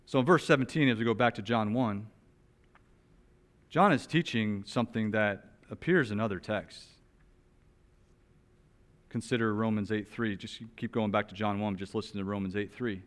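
A man preaching an expository sermon. He talks in an animated, emphatic way, rises loudly on some points, and drops to a soft, slow voice on others. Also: fairly low pitch. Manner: animated, emphatic, with wide swings in loudness. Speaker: pastor.

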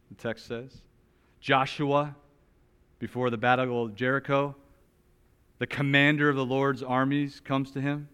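A male preacher delivering a sermon with a mid-range pitch. He swings from loud, emphatic bursts to quiet, slowed-down lines when he stresses a point. His delivery is animated and earnest. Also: clear, resonant tone. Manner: drops to a soft, slow voice for key points. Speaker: pastor. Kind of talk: expository sermon.

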